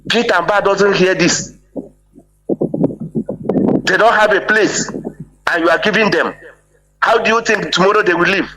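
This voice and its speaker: A man's voice: high-pitched, measured pace, pauses often, sharp tone, poor audio. A man calling in to a live broadcast and speaking emphatically, often breaking off with "eh?" to press his point. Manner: emphatic, repeats "eh?" for agreement. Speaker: caller. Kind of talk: impassioned call-in speech.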